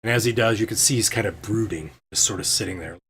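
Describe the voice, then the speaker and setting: A man's voice: fairly low pitch, fast, a bit bright, a little hiss or hum. A man as game master, narrating a tabletop game in a hesitant way with many ums and restarts.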